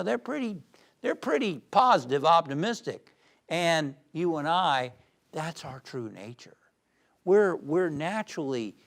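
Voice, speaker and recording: A man giving an uplifting sermon as a spiritual teacher, animated and shifting between loud emphasis and soft calm, who tells jokes. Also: on the high side, vocal fry. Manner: tells jokes with acted voices.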